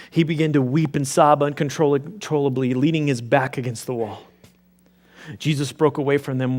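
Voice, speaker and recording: A man preaching in a church, telling a story in the first person with theatrical swings from hushed whispers to loud cries. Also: mid-range voice. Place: church sanctuary.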